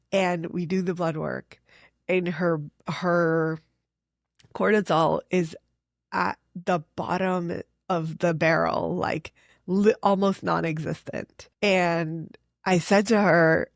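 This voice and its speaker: A middle-aged woman, a fertility doctor, telling patient stories in an earnest, animated way with many "like"s. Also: lowish voice, a little slow, gravelly, no room sound, studio quality. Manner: earnest, animated storytelling with frequent "like". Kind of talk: conversational interview.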